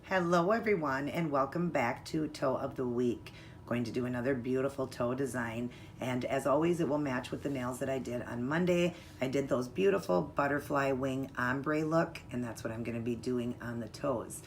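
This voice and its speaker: A woman's voice: rumbling low, normal speed, a little hiss or hum. A woman hosting her own nail art channel, talking through a tutorial in a chatty, upbeat way and explaining each step. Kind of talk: casual tutorial chat.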